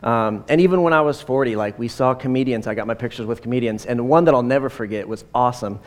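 A man's voice: medium pitch, quick pace. A man in his forties preaching a sermon in a conversational, rambling way, with many fillers and side stories. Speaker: pastor.

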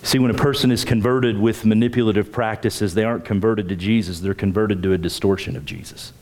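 A pastor preaching a sermon, emphatic, with his pitch climbing on key points and repeating words as he starts phrases. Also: steady tone, brisk, a little mellow.

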